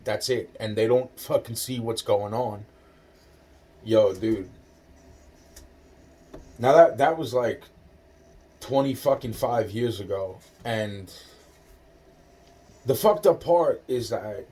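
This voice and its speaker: A man's voice: medium pitch, warm tone, slightly rough, far from the mic. A man in his forties telling a personal story in a rambling, profane way, often repeating himself.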